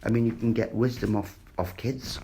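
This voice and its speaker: A man's voice: on the low side, fairly even intonation, normal speed, creaky, warm tone, slight background noise. A man, ranting in a rambling, sweary monologue and repeating himself. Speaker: vlogger.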